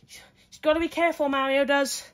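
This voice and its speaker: A woman giving excitable play-by-play fight commentary, full of exclamations and counts. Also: sits high, fairly quick.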